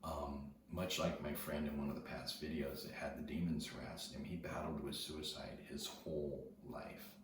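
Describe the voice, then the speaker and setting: Very deep-voiced man in an echoey space. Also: fairly even intonation, moderate pace, hardly any pauses. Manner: earnest, often drops to a hushed near-whisper, repeats words. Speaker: video host. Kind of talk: casual storytelling to viewers. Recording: very echoey, distant from the mic, noisy ambience.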